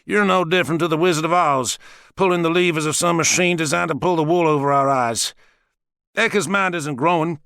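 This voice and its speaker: A male reader voicing a defiant young male police officer who talks in a forceful, scornful way. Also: a little high, a little fast, clean tone, no echo, studio quality, pitched above the performer's own voice.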